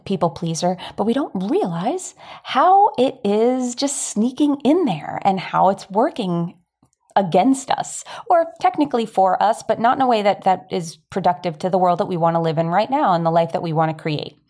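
A woman's voice: mid-range voice, lively intonation, moderate pace, darkish tone. A woman, telling a personal story in a candid, chatty, self-deprecating way as a talk host.

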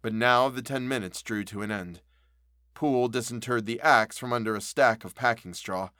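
A man's voice: mid-range voice, moderate pace, bright, forceful tone, dry recording. Man reading a novel aloud, dry sound. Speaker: narrator. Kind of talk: audiobook reading of a classic novel.

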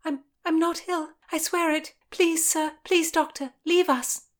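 A woman reading an audiobook, voicing a young gentlewoman prisoner who pleads her innocence earnestly. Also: high voice, voice pushed up. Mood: frightened. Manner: pleading, quick to protest innocence.

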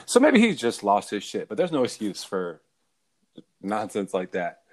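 Lively, joking podcast host man. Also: lowish voice, moderate pace, no echo, studio quality. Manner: loose and joking, swears casually. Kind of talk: casual interview chat.

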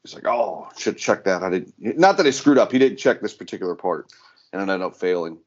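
A low-voiced man talks easily and without hurry, sharing a story in casual chat. His recording sounds somewhat dull and lo-fi. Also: lively intonation, fairly quick. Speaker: podcast co-host.

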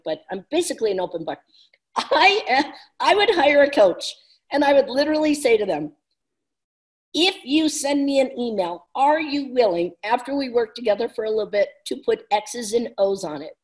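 A woman business coach in casual conversation, talking fast and energetically and laughing often. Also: fairly high pitch.

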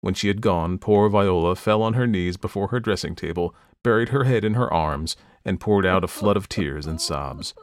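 A man narrating a classic story in a measured, even storytelling manner. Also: low-pitched, no echo. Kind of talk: audiobook reading of classic fiction.

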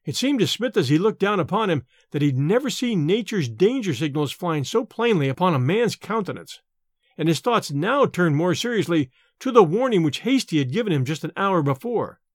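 A man narrating a story, reading in a vivid, expressive way. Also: high-pitched, moderate pace, no echo, studio quality. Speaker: audiobook narrator. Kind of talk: scripted narration.

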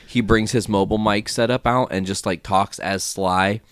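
Young male podcast host, very low voice, dry close sound, loose and jokey, casual swearing. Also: moderate pace, clean tone, no echo. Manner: animated, swears freely, jokes around. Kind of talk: casual chat.

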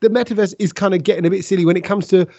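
A man's voice: high-pitched, fairly even intonation, racing, gravelly, dark tone, no echo, muffled recording. Teasing man, dry close sound. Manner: teasing, banters and steers the talk. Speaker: podcast co-host. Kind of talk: casual chat.

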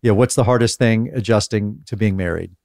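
A man hosting a casual conversational interview, telling stories in a calm, even-keeled way. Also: lowish voice, a little fast, vocal fry, no room sound, clean studio sound. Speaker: podcast host interviewing guests.

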